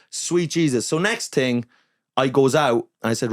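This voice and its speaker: Brief: young Irish man, swearing storyteller, mid-pitched, dry close sound. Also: moderate pace, no room sound. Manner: animated, swearing, acting out quotes in his anecdotes. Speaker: comedian, podcast guest. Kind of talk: casual storytelling chat.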